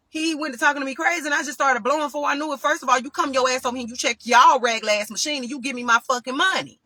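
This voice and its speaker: A woman vlogger, ranting to her viewers and swearing freely. Her voice is bright and forceful, and it sounds close and dry with no room echo. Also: fairly high pitch. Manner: heated, profane, addresses viewers as y'all. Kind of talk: casual storytelling rant to camera.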